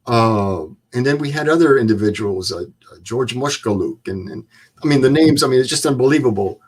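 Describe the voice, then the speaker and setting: A man in his seventies, a guest, telling stories in a plain-spoken, measured way. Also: medium pitch, lively intonation, darkish tone. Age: 70s. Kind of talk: storytelling interview.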